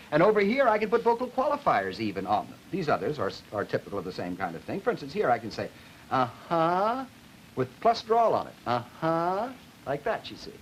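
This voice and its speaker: A man's voice: medium pitch, rough recording. A man lecturing on linguistics and demonstrating vocal sounds as he explains them. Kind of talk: classroom lecture with spoken demonstrations. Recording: old film soundtrack with faint hiss.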